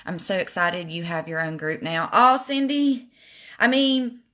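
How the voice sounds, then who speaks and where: An older woman with a Southern drawl talks through her makeup in a loose, self-deprecating way, answering viewers as she goes. Her voice sits a little low. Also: animated, normal speed, a bit bright. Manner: chatty, self-deprecating, reads comments aloud. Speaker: makeup live streamer. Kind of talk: casual makeup tutorial live stream.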